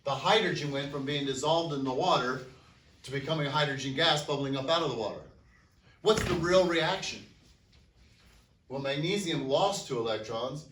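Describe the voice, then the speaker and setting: A man's voice: fairly high pitch, moderate pace, fairly bright tone, a little hiss or hum. A man teaching a chemistry class, asking students questions and answering them himself. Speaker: high school chemistry teacher. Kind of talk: classroom lecture. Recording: echoey classroom from a distance.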